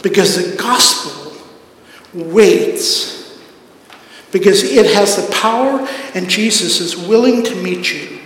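A man preaching a sermon as pastor, earnest and emphatic, swinging from soft asides to ringing climaxes. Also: high voice, slow pace. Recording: echoey hall, very reverberant.

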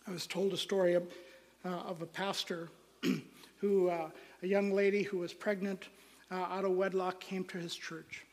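A man's voice: high voice, level tone, normal speed. A man preaching a sermon as pastor, stressing phrases one by one and letting their ends drop almost to a whisper. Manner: emphatic preaching, phrases trailing off to near-whispers. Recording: long hall reverb.

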